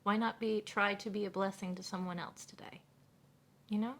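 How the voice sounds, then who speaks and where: A woman's voice: mid-range voice, fairly even intonation, normal speed, fairly bright tone. A woman live streamer in casual, rambling chat with her viewers, often stopping to thank them.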